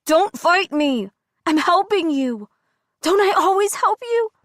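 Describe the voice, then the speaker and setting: A woman's voice: extremely high pitch, lively intonation, slow pace, dry recording, clean studio sound, voice pushed up, exaggerated voice. A woman narrator voicing a menacing, manipulative female alter ego in an audiobook, with an urgent, venomous delivery. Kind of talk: audiobook character voice.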